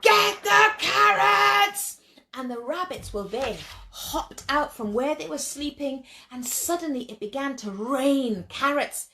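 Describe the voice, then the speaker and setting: A woman tells a children's story with lively, expressive narration and asks her listeners questions along the way. Her voice sits high and sounds bright and crisp. She keeps the telling animated from line to line. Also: a little slow, hardly any pauses, a little hiss or hum.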